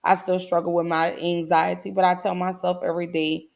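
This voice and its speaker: A woman's voice: on the low side, little pitch movement, brisk, gravelly, darkish tone. A woman in her forties hosting a casual livestream, talking earnestly to her viewers and holding back tears. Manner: earnest, heartfelt, many "um"s, addresses chat as "y'all". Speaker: livestream host.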